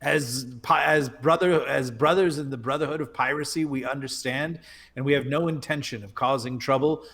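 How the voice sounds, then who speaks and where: A man's voice: medium pitch, normal speed, a bit bright. A man playing a tabletop game, speaking in grandiose, mock-formal declarations. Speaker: player. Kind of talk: in-character tabletop game play.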